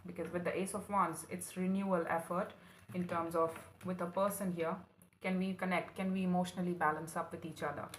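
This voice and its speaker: Reading tarot for her audience, a woman speaks fairly quickly in a lowish voice with a flat delivery. She still comes across as earnest and emotional, calling the listener honey, and the recording carries a roomy echo with faint room noise.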